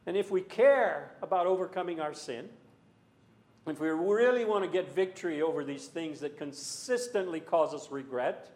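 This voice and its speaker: A man preaching a sermon in a church, earnest and full of rhetorical questions, sometimes rising to loud emphasis. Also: a little high, normal speed, roomy sound.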